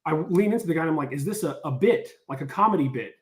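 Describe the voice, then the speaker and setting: A man tells a story in a relaxed, chatty way. He speaks in a slightly high voice and acts out the quotes. The room echoes around him. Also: fast. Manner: animated, lots of "like", acts out quotes. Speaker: storyteller on a podcast. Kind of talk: casual storytelling.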